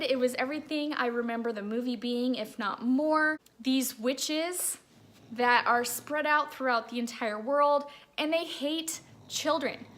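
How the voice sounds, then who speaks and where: A woman in her thirties at home, chatting casually as she reviews books, rambling with lots of "like"s. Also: high-pitched. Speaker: book reviewer. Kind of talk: casual chat.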